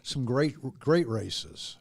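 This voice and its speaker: A man's voice: medium pitch, animated, very slow, vocal fry, no room sound, clean studio sound. A man co-hosting a racing show, talking in a friendly, enthusiastic way. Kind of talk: casual chat.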